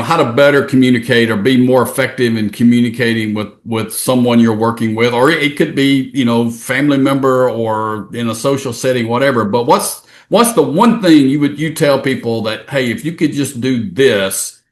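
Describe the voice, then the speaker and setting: A man's voice: medium pitch, moderate pace. A man hosting a podcast, asking questions in a loose, conversational way and restarting his sentences. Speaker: podcast host, trade association CEO. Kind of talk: interview.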